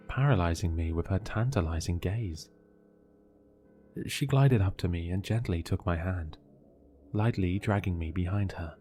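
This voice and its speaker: A man narrating a horror story in measured, steady scripted storytelling. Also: low voice.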